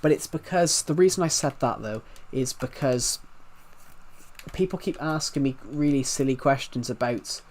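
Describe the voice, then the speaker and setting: A man's voice: medium pitch, normal speed. A man hosting a casual game livestream, rambling and chatting directly to his viewers. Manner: rambling, chatty, talking to chat. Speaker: game streamer.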